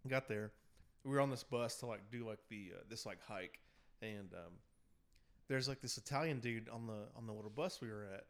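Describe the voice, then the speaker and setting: A man's voice: on the low side, brisk. A man co-hosting a podcast, chatting casually and rambling with many fillers and casual swearing. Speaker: podcast co-host. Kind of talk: casual chat.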